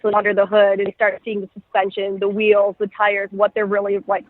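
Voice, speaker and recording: A woman's voice: mid-range voice, monotone, brisk, no room sound. A woman reporting on rally racing, chatting upbeat and casual as a guest calling in. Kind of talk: casual chat. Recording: tinny phone line.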